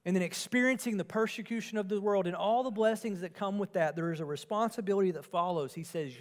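A male pastor preaching an earnest sermon, moving between emphatic and quiet passages. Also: high-pitched, quick pace, hardly any pauses.

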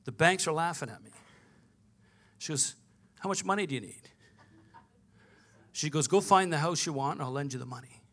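Bright-voiced pastor telling a story. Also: male voice, fairly high pitch, normal speed, pauses often. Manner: storytelling with quoted dialogue, animated. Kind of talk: sermon.

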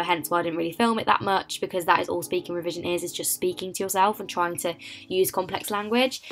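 Chatty English teenage girl vlogging. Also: lowish voice. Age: late teens. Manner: chatty, animated, lots of fillers. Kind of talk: casual study vlog voice-over.

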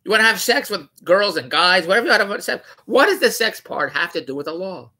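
In a high voice with lively intonation, a male vlogger talks quickly and pushes his bright delivery while mocking a news article. He rambles, digresses, self-corrects, and sounds openly incredulous.

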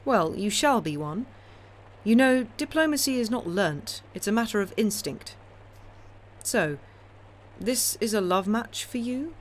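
A woman reading a calm ironic count. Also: mid-range voice, unhurried, slight background noise, voice pushed up, lightly acted. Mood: smooth, ironic. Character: calm, ironic older male count, commanding and sly.

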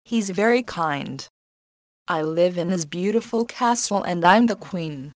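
A woman voicing a kind, gentle young woman in a slow, plain storybook reading. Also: lowish voice, expressive, no echo. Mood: content.

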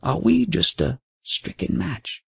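A man voicing a wise, gentle old male lama teacher in an audiobook, calm and kindly. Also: on the high side, slow pace, gravelly, breathy edge, no room sound, studio quality, pitched above the performer's own voice, exaggerated voice. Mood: musing.

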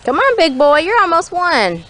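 A woman's voice: very high voice, normal speed, poor audio. A young woman and mother, filming a casual family vlog outdoors and coaxing her small children in a playful way. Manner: animated, playful, coaxing talk to small kids. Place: outdoors in a grassy backyard.

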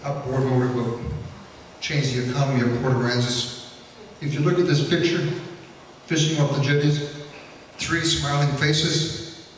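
A man's voice: medium pitch, flat delivery, a little slow, pauses often, a little hiss or hum. A man giving a public history lecture, telling folksy anecdotes with frequent fillers. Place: lecture hall. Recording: echoey hall from far off.

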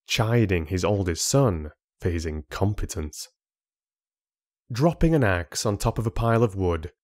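A man narrating a fantasy audiobook in a measured, deliberate way. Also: lowish voice, a little mellow, no echo, clean studio sound.

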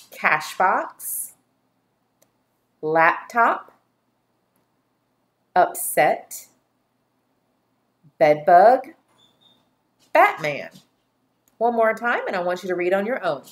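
A woman teacher giving a slow dictation lesson to young children, speaking clearly and deliberately and drawing out each syllable. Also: mid-range voice, big pitch swings. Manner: clear, deliberate, spells words and stretches syllables.

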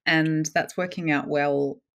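A woman co-hosting a podcast in casual chat, laughing often and talking quickly with fillers. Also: sits low, steady tone. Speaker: podcast co-host.

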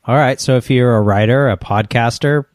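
A man's voice: mid-range voice, moderate pace, no echo, studio quality. A man hosting a podcast in casual chat, easygoing and joking. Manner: easygoing, tells jokes with a laugh. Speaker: podcast host.

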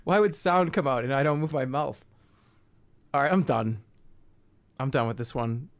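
A man in his thirties streaming, rambling through comic stories in an animated, swearing storytelling way. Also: mid-range voice, moderate pace, creaky.

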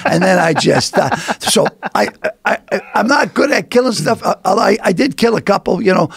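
Gravelly older man telling animated stories. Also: sits high, fairly quick, few pauses, no echo, clean studio sound. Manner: animated, stammering restarts, acts out quotes. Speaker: podcast guest. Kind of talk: comic storytelling. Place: podcast studio.

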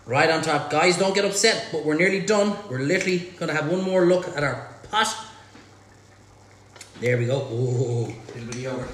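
A man with an Irish accent hosting a live cook-along in a home kitchen, chatty and excitable, full of exclamations. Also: fairly high pitch, moderate pace. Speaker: chef host. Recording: very echoey room, faint noise.

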